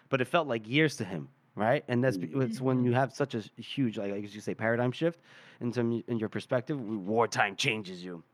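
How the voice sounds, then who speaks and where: A man's voice: mid-range voice, normal speed, dry recording. A man hosting a podcast, loosely retelling a chapter with fillers and laughs. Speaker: podcast host. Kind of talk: casual chapter recap.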